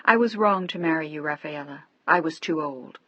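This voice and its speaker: A woman voicing a frail, bedridden elderly husband who speaks softly, wearily and tenderly. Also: sits low, moderate pace, no room sound, lo-fi sound. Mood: weary tender. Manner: soft, weary, affectionate.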